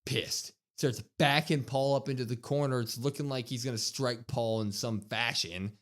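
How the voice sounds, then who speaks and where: Excited man recapping wrestling. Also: medium pitch, normal speed. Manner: excited, acts out quoted lines with bursts of loudness. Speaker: wrestling podcast co-host. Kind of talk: casual recap, retelling promos.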